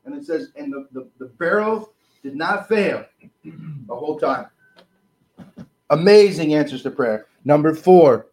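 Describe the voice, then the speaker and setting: A man preaching a sermon, reading scripture with rising force and dropping low on asides, with frequent restarts. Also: rough recording. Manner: animated, rises loud on scripture and drops low on asides; halting, with restarts and fillers.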